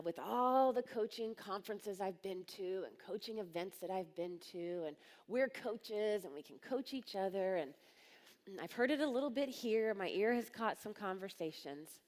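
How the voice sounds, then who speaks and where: A medium-pitched woman speaks live at a coaching conference in a large hall. As a coaching business speaker, she tells her stories in a blunt, direct way and impersonates the people she quotes.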